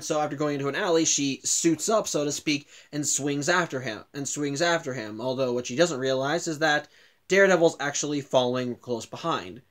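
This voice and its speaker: A man casually retelling a comic book's plot for a video review, often stopping and restarting his sentences. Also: on the high side. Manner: halting, with frequent restarts and self-corrections.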